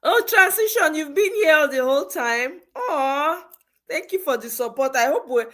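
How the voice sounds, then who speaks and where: A woman's voice: sits high, expressive, moderate pace, fairly bright tone. A Nigerian woman hosting a casual livestream chat, slipping into Pidgin and laughing as she reads viewer comments. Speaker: livestream host.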